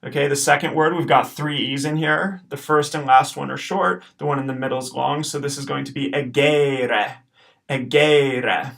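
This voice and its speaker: A man teaches a recorded lesson, his voice carrying a gravelly rasp. He explains patiently and drags out each practice word slowly, cheering students on between drills. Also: a little high, fairly even intonation, a bit bright. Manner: patient, encouraging, slows to repeat words. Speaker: Latin teacher.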